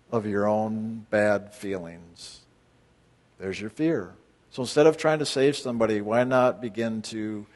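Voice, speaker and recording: A man's voice: fairly low pitch, a little mellow. A man leading a spiritual retreat group, talking bluntly and firing rhetorical questions at his listeners, with sudden emphatic bursts. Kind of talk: group talk to retreat participants.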